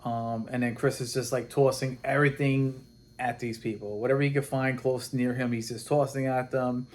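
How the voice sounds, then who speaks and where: A man casually recapping a comic book plot, animated and rambling, acting out the characters' lines as he goes. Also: medium pitch, normal speed. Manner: rambling and animated, with many restarts and quoted dialogue.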